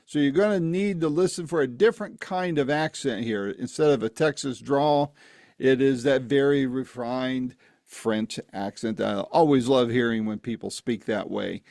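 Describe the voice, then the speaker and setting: A man's voice: medium pitch, normal speed, gravelly, darkish tone, dry recording, studio quality. A man hosting a podcast, giving a friendly, folksy intro and then interviewing a guest. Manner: friendly, folksy, with promo asides. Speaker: podcast host. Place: East Tennessee, home setup.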